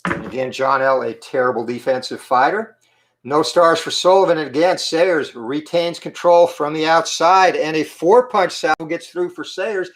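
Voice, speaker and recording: A man with a slightly hoarse morning voice, giving play-by-play commentary on a tabletop boxing game and calling out each roll in short clipped phrases. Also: a little high. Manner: calls each dice roll and punch count in quick clipped phrases.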